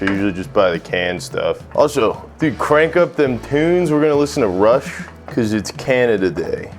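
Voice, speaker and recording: A young American man hosting a casual cooking vlog, joking and swearing as he rambles over faint music. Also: on the low side. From United States. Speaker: cooking channel host.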